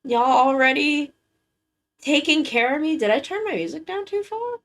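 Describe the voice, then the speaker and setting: A worn-out woman chatting casually with her live-stream viewers, halting and rambling as she recovers from being sick. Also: high voice, expressive, fairly bright tone. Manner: rambling, halting, with many restarts. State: worn-out and tired, recovering from illness.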